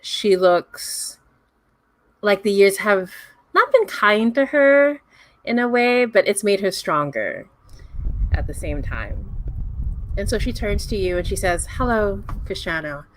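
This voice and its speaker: A woman running a tabletop game as game master, lively and quick to laugh, speaking into an online call mic. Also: mid-range voice.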